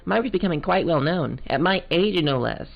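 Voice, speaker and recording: A man's voice: on the high side, animated, moderate pace, vocal fry, pitched above the performer's own voice. A man voicing an eager sixteen-year-old girl scientist in a Valley Girl voice. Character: eager teen girl, aspiring scientific investigator. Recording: muffled, game music behind.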